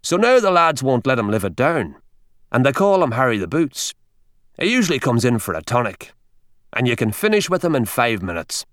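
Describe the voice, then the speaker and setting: A man voicing a burly country doctor, growling, blustering, lively pitch, storybook. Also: normal speed, no echo, studio quality. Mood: gruff. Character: gruff burly older Irish country doctor.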